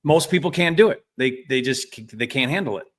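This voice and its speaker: A man telling a story in a casual business chat, animated and acting out the quotes. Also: mid-range voice, fairly quick.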